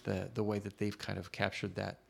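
A man hosting a relaxed interview, his voice low and full of gravelly fry. He talks thoughtfully and haltingly, pausing with fillers as he works out each idea. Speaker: podcast host interviewer. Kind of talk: casual conversational interview.

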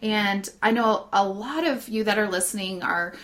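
A woman's voice: mid-range voice, normal speed, a bit bright. A woman hosting a faith talk show, affirming and encouraging as she interviews a guest. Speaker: host.

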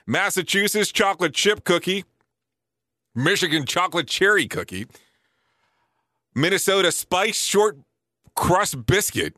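A man around forty hosting a casual show, reading lists quickly and breaking in with surprised, joking asides. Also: a little high, sharp tone, no room sound, clean studio sound. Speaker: show host.

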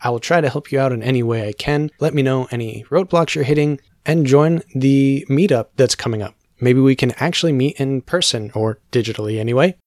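Male podcast host, mid-pitched, dry and measured. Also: a little mellow, no room sound. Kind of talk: podcast hosting and conversation.

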